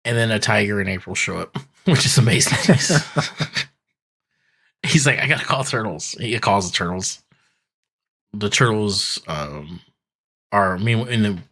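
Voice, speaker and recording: Low-voiced laid-back podcast man. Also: bright, forceful tone. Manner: laid-back storytelling, acts out characters in quotes. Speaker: podcast co-host. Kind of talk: casual recap chat.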